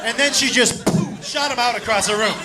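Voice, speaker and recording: A man doing stand-up comedy, telling a story in an excitable, profane, animated way. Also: very high voice, fairly quick. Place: comedy club stage. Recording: live club, loud crowd and noise. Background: audience laughter and noise.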